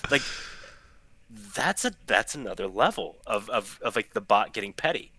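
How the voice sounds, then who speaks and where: Male co-host, lowish but bright tone, chatty explainer, dry close mic. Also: expressive, normal speed, breathy edge, no echo. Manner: chatty explainer, restarts and fillers. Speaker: podcast co-host. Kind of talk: casual chat.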